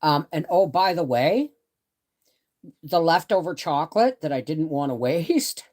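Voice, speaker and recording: Slow, rambling middle-aged woman live-streaming. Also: low-pitched, lively intonation, a little mellow. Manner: rambling, chatty, greets viewers by name. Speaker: homestead channel host. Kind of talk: casual live-stream chat. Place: bedroom, in bed.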